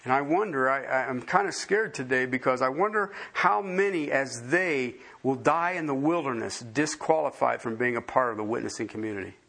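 A man preaching a sermon as pastor, emphatic and repeating phrases for stress, swinging from soft asides to loud, high emphasis. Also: expressive, normal speed, vocal fry, hardly any pauses.

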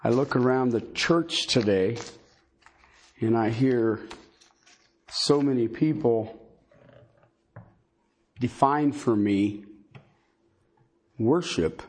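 Slow, halting man preaching. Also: mid-range voice, darkish tone. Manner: slow, halting delivery with many fillers; conversational, folksy asides. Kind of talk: bible teaching sermon.

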